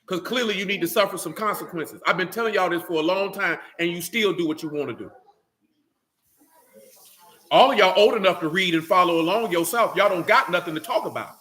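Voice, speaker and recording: Male Bible teacher, high bright voice, preachy, keeps quizzing the class. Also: brisk. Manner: preachy, calls out questions to the class. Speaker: teacher leading a Bible study. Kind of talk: sermon.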